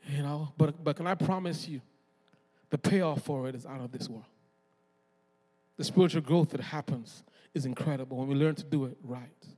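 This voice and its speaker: A man preaching as a guest pastor, animated and joking, calling on the congregation to answer back. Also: a little high, moderate pace. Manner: animated, calls for audience response, self-deprecating jokes. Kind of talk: energetic sermon. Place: church hall. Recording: long hall reverb.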